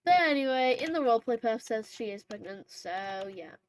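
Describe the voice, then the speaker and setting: Chatty, rambling woman with a higher voice. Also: expressive, normal speed, a little hiss or hum, rough recording. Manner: rambling and chatty, full of fillers and self-corrections. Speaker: gaming vlogger. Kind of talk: casual chat over horse role-play gameplay.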